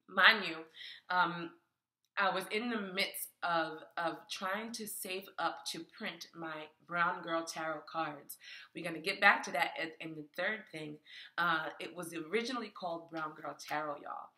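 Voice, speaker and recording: Woman vlogger, lowish and bright, animated, casual storytelling, echoey room. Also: normal speed. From New York. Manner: animated, chatty, addresses viewers as y'all, laughs often. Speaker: spiritual vlogger and tarot creator.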